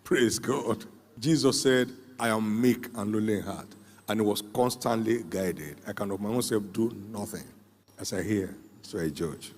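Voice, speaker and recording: An older man preaching a sermon, emphatic, repeating phrases for weight with dramatic pauses. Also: on the low side, a little mellow. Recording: long hall reverb.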